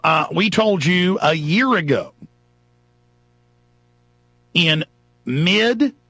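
A man's voice: fairly high pitch, creaky, fairly bright tone, husky, no room sound, muffled recording. A man hosting a talk radio show, delivering a fiery, sarcastic, emphatic monologue into a studio microphone.

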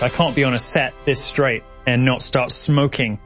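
A man's voice: medium pitch, steady tone, normal speed, fairly bright tone, faint music behind. A man, chatting as a guest in a camp, theatrical way, laughing often. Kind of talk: casual chat.

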